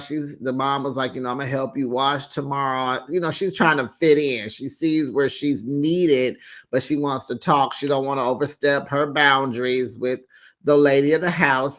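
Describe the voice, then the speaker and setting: A man's voice: mid-range voice, fairly even intonation, normal speed, fairly bright tone. A man hosting a casual reality TV recap, sassy and chatty, with lots of fillers and asides. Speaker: recap host.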